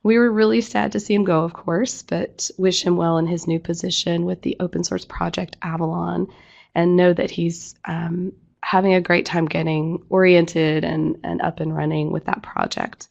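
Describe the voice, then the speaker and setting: A woman who has nearly lost her voice speaks in a croaky, gravelly rasp, a little low in pitch. She gives an online update in a businesslike, apologetic way with scattered fillers. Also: flat delivery, moderate pace, a little mellow, highs cut off. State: hoarse, losing her voice. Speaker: executive director giving an update. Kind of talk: online presentation.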